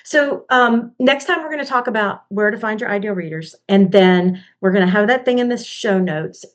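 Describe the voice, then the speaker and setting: A woman's voice: mid-range voice, normal speed. Chatty woman podcast host. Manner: chatty and rambling, slips into tangents. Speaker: podcast host and book coach. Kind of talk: casual chat.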